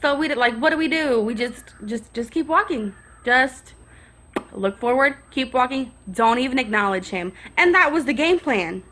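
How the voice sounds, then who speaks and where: A young woman with a bright, forceful voice tells a storytime vlog with plenty of sass and attitude. She sits a little high in pitch and acts out the other people in her story as she goes. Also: expressive, normal speed. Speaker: vlogger.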